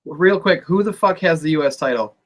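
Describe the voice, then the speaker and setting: Male podcast co-host, slightly high pitch, loose and profane banter. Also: fairly quick. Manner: relaxed, profane, laughs easily. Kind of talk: casual wrestling podcast chat.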